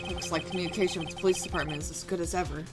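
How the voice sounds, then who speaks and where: A woman voicing a calm young male defense attorney with measured, dry questioning. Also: fairly low pitch, music in the background, pitched below the performer's own voice, close to an everyday voice.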